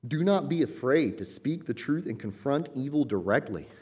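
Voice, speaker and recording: A man's voice: medium pitch, animated, normal speed, a little mellow, breathy edge. A man preaching a sermon, explaining scripture in a conversational way and raising his voice when he reads passages aloud. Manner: emphatic, rising sharply when reading scripture aloud; conversational asides with light laughter.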